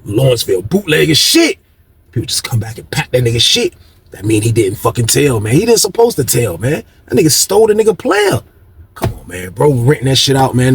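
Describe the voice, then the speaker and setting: A young man casually telling a story to his viewers, animated and slangy with heavy cursing. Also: mid-range voice, breathy edge. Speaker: storyteller host of a video channel.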